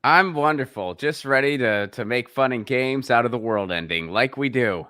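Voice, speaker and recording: A man's voice: mid-range voice, normal speed, bright, forceful tone, no room sound, clean studio sound. A man co-hosting a comedy game show, trading laid-back jokes with the host. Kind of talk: casual banter.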